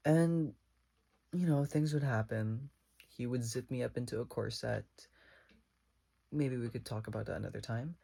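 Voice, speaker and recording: A young man vlogging a casual storytime, rambling and animated, with lots of fillers as he retells a conversation. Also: medium pitch, moderate pace, vocal fry, pauses often, breathy edge.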